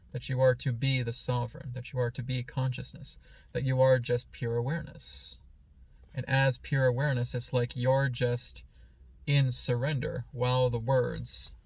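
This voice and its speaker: Calm gravelly-voiced man, flat and slow. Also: mid-range voice, no echo. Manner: slow, calm, meditative delivery; playfully mimics excited voices. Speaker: spiritual teacher. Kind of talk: reflective spoken teaching.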